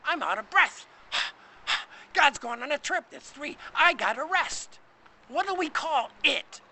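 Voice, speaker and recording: A man voicing a brash, excitable first man in a storybook garden, talking loud and high. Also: slow pace, full character voice. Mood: blustering.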